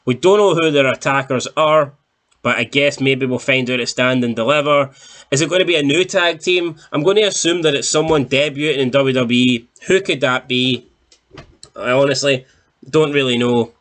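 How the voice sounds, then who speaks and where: A man's voice: medium pitch, normal speed, fairly bright tone. A man casually recapping a wrestling show, rambling with many fillers and restarts and swearing now and then.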